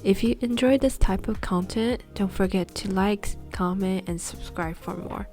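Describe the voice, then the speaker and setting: Woman vlogger, calm encouraging voice-over, soft music underneath. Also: mid-range voice, moderate pace. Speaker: home vlogger. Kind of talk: scripted voice-over narration.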